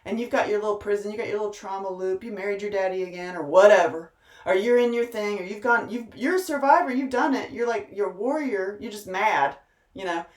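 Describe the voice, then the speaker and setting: A woman with a mid-range voice speaks fairly quickly, recorded on a distant mic in an echoey room. As a motivational speaker and host, she gives her listeners a direct, impassioned, profane pep talk, preachy and emphatic, repeating words for emphasis.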